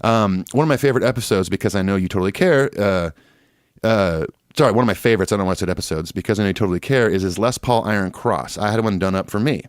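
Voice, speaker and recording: A podcast co-host in Nashville reads listener emails during a casual chat, laid-back and rambling, laughing often. His voice is on the low side and quick, with a clean tone in a dry, studio-quality recording.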